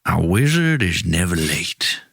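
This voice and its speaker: A man voicing a male wizard in an exaggerated slow drawl. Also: deep voice, sing-song, gravelly, no echo, pitched below the performer's own voice, full character voice. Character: wizard Zalarius, male, doing shifting accents.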